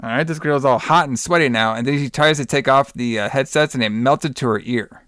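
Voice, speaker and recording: A man's voice: medium pitch, fairly quick, a bit bright, no room sound, clean studio sound. A man co-hosting a podcast, recapping a horror movie in casual, profane chat, rambling and acting out the characters' lines. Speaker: podcast co-host.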